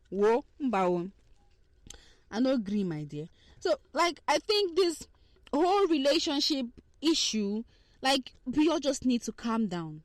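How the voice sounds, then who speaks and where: A young woman hosting a casual talk on relationships, swinging between hushed asides and heated rants. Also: high-pitched, dry recording. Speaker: podcast host.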